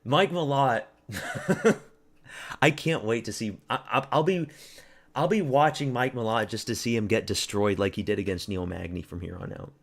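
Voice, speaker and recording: A young man from Canada streaming live, rambling loosely and swearing freely as he mocks fighters and talks back to his chat. His voice sits a little low and easy. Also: brisk, gravelly.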